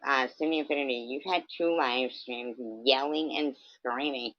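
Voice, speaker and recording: A woman's voice: rumbling low, normal speed, few pauses, no echo. A woman rants into her camera, confrontational and cursing freely, at times slipping into mockery. Her voice sits in a middle register and sounds dry and close, with no room around it. The recording is dull and lo-fi, as from a simple home setup. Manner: confrontational, profane, mocking. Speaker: vlogger. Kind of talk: angry livestream rant.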